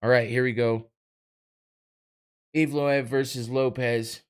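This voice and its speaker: The young host of a casual solo podcast talks slowly in a smooth, mid-range voice with fairly even intonation. He rambles through watch-party commentary on a live fight. Along the way he curses, jokes at his own expense, and laughs often.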